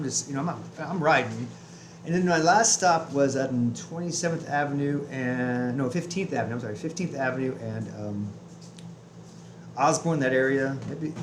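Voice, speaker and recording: A man's voice: mid-range voice, echoey room, a little hiss or hum, low-quality recording. A man telling a heated, profane story about his day in a casual vlog rant, full of restarts. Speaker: vlogger. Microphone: webcam.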